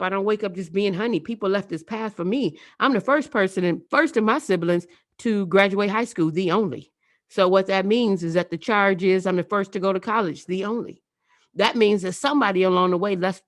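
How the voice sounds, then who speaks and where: A woman, a spoken word poet, leading an online event. She talks to her audience in an emphatic, rhythmic way and repeats phrases for effect. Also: fairly low pitch. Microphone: video call.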